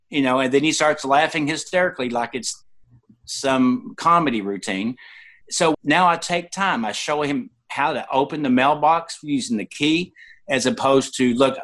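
Man around 60, mid-pitched, interview guest; lively storyteller who jumps up in pitch to voice others. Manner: animated, voices other people in quotes with sudden pitch jumps. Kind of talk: conversational personal storytelling.

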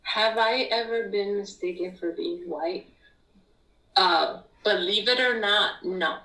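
Animated woman telling a story, roomy sound. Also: slow, distant mic. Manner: animated, acts out quotes with sharp high-pitched outbursts. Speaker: guest. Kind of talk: casual storytelling.

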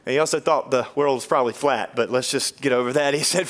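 A man preaching a sermon as a pastor, joking with the congregation in quick asides and slowing down to stress key phrases. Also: mid-range voice. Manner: animated, joking, swings between quick asides and slow emphatic phrases.

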